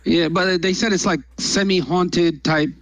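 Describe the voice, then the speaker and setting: A man's voice: sits high, fairly even intonation, unhurried, fairly bright tone, dry recording, low-quality recording. A man talking as a guest in a casual live stream chat, laid-back and rambling with hesitant fillers.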